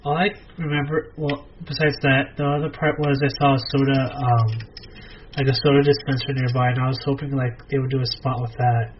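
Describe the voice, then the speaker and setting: A man's voice: medium pitch, level tone, a little fast. Laid-back man with a dry tone. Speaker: podcast co-host. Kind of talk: casual chat. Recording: muffled lo-fi with faint noise.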